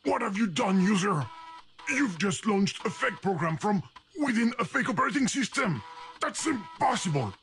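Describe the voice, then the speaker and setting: Video game figure: a nervous talking game with accented English, high and bouncy. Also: male voice, very animated, moderate pace, a bit bright, a little hiss or hum, full character voice. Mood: anxious. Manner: anxious, pleading. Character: fretful male talking game program. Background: game music.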